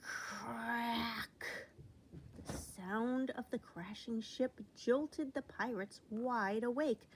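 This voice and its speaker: A woman reading a children's storybook aloud with expressive delivery. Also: medium pitch, slow pace, rough recording. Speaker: storybook reader.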